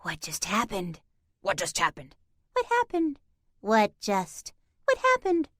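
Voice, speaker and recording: Woman doing eerie monster cats, wispy, scratchy, parroting, jumping high and low, storybook. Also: huge pitch swings, slow, a bit bright, no room sound, studio quality, exaggerated voice. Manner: parroting, overlapping chatter. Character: eerie mimicking monster cats, many voices.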